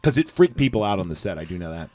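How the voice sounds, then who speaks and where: A man's voice: low voice, sing-song, racing, dark tone, no echo. A man hosting a casual movie recap chat, rambling with lots of fillers and profanity. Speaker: podcast host.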